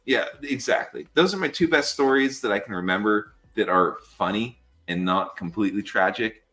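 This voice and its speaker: A lower male voice at normal speed: a fire patrol worker from the United States, in his thirties, appearing as a podcast guest. His storytelling is casual and animated, with plenty of swearing and repeated "dude."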